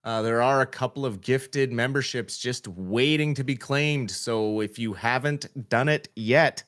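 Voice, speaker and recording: A man giving color commentary and chat shout-outs on a fan hockey livestream, relaxed and halting with many fillers. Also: medium pitch.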